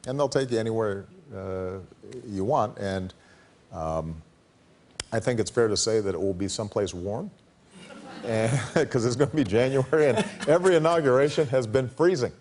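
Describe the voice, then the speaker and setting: Guest man, 50s, low-ish voice, unhurried and dry, lots of ums and restarts. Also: expressive, a little mellow. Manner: measured and wry, pausing often with ums and restarts. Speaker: talk show guest. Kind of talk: casual chat. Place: TV studio.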